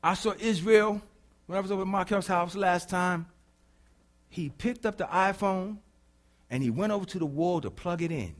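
A man preaching a sermon, emphatic, who swings from hushed to loud and repeats phrases for effect. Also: high voice, moderate pace.

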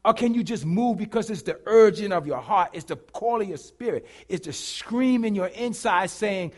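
A middle-aged man preaching a sermon, telling a story dramatically and swinging from hushed to shouting. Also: sits high, lively intonation, normal speed, few pauses.

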